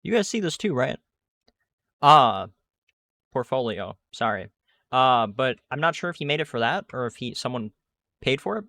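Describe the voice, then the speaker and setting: A man's voice: mid-range voice, big pitch swings, normal speed, long pauses, bright, forceful tone, no room sound. A young man casually commenting on the game he is playing, rambling with lots of asides and fillers to his chat. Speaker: gaming streamer.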